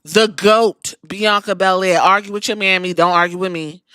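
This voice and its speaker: A woman's voice: medium pitch, steady tone, moderate pace, pushed and bright, clean tone, dry recording, studio quality. A woman podcast host giving a sassy, profane, chatty recap of a wrestling show.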